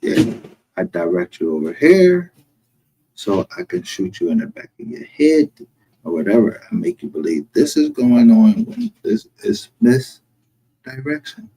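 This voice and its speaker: A man with a Southern US accent is hosting a livestream with a husky, rough-edged voice. He talks in an unhurried drawl, profane and mocking, and laughs often. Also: medium pitch, wildly swooping pitch, dark tone, low-quality recording. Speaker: streamer host. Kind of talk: casual livestream commentary.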